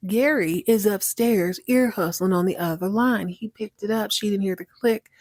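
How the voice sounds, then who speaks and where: A woman hosting a podcast, animatedly recapping a TV episode in a casual, excitable way. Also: mid-range voice, no room sound, clean studio sound. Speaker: podcast host.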